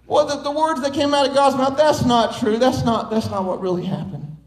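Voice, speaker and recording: A man's voice: very high-pitched, expressive, fairly quick, roomy sound, poor audio. A man preaching a sermon as pastor, emphatic and building through repetition.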